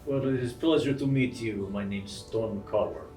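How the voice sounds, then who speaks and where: A man voicing a polite male dragonborn who speaks halting, broken English in a stiff, formal way. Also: fairly low pitch, darkish tone, close to an everyday voice. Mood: earnest. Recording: roomy distant mic, faint music.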